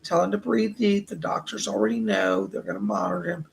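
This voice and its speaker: A man doing live psychic readings on a stream, calmly reassuring viewers and passing on messages. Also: sits high, a little fast, vocal fry, slight background noise. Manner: reassuring, relays spirit messages, reads viewer questions aloud.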